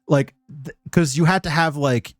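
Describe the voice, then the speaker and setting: A man's voice: on the high side, normal speed, dry recording, studio quality, faint music behind. Rambling, profane Scottish man streaming. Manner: rambling, profane, full of restarts. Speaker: live streamer, commentator. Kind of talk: casual live-stream commentary.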